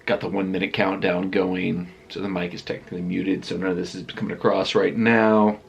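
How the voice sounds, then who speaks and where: A man's voice: deep voice, flat delivery, brisk, vocal fry. A man chatting casually as a vlogger in a rambling, self-deprecating way. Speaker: vlogger and live streamer. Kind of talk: casual vlog chat.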